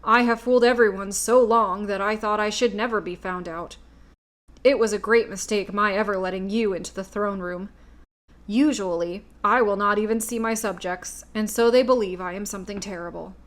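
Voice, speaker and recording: A woman's voice: mid-range voice, steady tone, normal speed, lightly acted. A woman reading aloud voices a timid, meek little old man who has been posing as a great wizard, speaking in a trembling voice.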